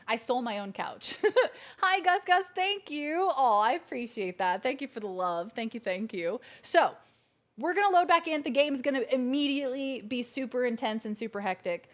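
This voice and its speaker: A woman live-streaming a game from her couch at home, her voice sitting a touch higher than most. She chats in a bubbly, gushing way, thanking her viewers over and over. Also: expressive, normal speed. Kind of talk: casual live-stream chat. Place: living room couch at home.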